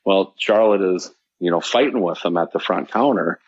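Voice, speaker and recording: A man's voice: low voice, moderate pace, slightly rough, no room sound, muffled recording. A man, a shop owner, casually telling a story on a podcast and acting out the dialogue. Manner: animated, acts out quoted dialogue.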